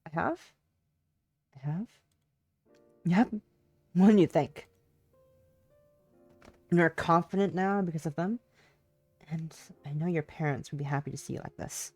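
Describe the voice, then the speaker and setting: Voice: medium pitch, measured pace, long pauses, soft background music. A streamer reading a visual novel's dialogue aloud during a live stream, teary and emotional, breaking into swearing outbursts between lines.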